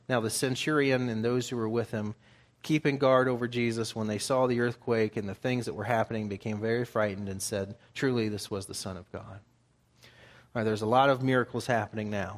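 Man preaching a sermon. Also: medium pitch. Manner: reads scripture aloud and explains it in plain conversational terms.

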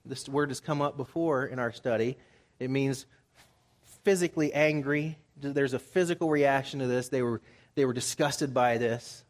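A man's voice: mid-range voice, normal speed. A man preaching a Bible study sermon in a conversational way, acting out the people he quotes with rising emphasis. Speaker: pastor.

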